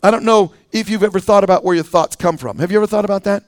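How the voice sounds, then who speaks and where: A man's voice: sits high, very fast, no room sound. A male pastor preaching a sermon in a conversational way, with fillers, restarts and scripture read aloud.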